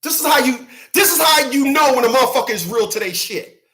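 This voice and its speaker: Man, high voice, from the new york–new jersey area, live-stream rant, profane, repeats himself, laughs a lot. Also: expressive, brisk, pushed and bright. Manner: profane, emphatic, repetitive, frequent laughter. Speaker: channel host.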